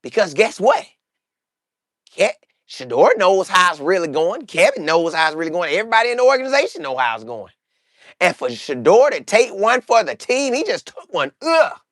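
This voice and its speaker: A man giving casual sports commentary on a channel he hosts, in an animated, joking, slangy way. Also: sits high, normal speed, dry recording, clean studio sound.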